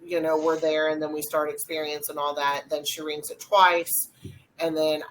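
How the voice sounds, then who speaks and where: A young adult woman, co-hosting a podcast and retelling a ghost hunt in a rambling, animated way with lots of fillers. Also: low-pitched, normal speed, a little hiss or hum, rough recording. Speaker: podcast co-host. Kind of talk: casual storytelling chat.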